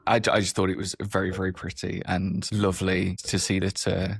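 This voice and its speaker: A man's voice: low voice, completely flat delivery, brisk, vocal fry, breathy edge, no echo. A man co-hosting a podcast, talking casually with a dry, sarcastic edge. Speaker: podcast co-host. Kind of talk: casual chat.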